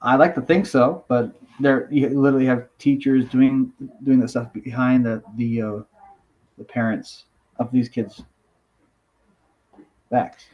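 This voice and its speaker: A man's voice: medium pitch, fairly even intonation, unhurried, pauses often, a little mellow, muffled recording. Man, interview guest, hesitant, self-deprecating, restarts sentences, video call audio. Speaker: guest, comic writer. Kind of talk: casual video call chat.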